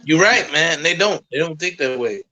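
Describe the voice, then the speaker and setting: A man's voice: on the high side, lively intonation, moderate pace, pushed and bright, poor audio. A man co-hosting a casual chat, agreeable but blunt, swearing casually. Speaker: podcast co-host.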